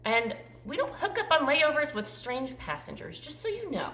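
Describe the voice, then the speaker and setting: A woman's voice: sits high, big pitch swings, normal speed, bright, forceful tone, roomy sound. A woman in her forties chatting casually through a tag video, rambling with frequent ums. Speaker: YouTuber.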